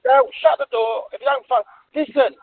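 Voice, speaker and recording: A man's voice: very high-pitched, moderate pace. An English man at his home, firmly telling off an angry visitor and swearing back. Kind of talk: heated doorstep argument. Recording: tinny phone-like audio.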